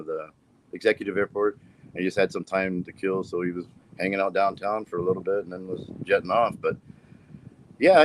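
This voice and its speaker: A man's voice: low-pitched, slight background noise, rough recording. A man, a comedian, telling a story in a casual live-streamed interview, rambling, cutting himself off and laughing at his own tale. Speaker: stand-up comedian, guest.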